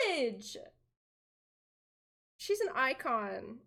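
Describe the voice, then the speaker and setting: A woman streamer chatting casually on a live stream, playful and quick to swear. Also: fairly high pitch, lively intonation.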